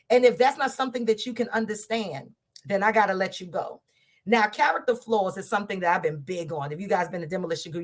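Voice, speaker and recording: Woman, 30s, lively group-discussion speaker, conversational, talks straight to listeners. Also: medium pitch. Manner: animated, conversational, laughs often, addresses listeners directly. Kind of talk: candid personal storytelling to a group.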